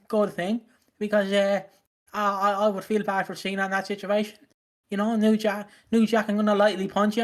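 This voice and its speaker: A co-host on a wrestling podcast tells stories in loose casual chat. The voice sits at a middle pitch and stumbles over restarts between laughs. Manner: rambling, laughing, with repeated restarts.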